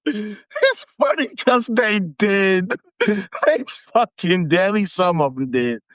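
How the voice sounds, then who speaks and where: Reading an article aloud in a home setup for a live video, the host rants profanely and mockingly, with laughter in between. The voice is mid-range, expressive and slow, with no room sound.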